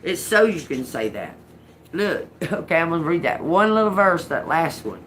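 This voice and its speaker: A woman's voice: deep voice, very animated, moderate pace, a bit bright, a little hiss or hum. A woman giving a casual spiritual reading to a collective audience. She laughs often, swears freely and talks in a loose, streetwise way. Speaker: intuitive reader.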